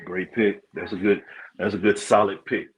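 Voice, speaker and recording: A man's voice: fairly low pitch, steady tone, normal speed, slight background noise. A man taking part in a casual music draft, teasing, with hesitant restarts, on dull lo-fi call audio. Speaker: draft participant. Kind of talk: casual group chat.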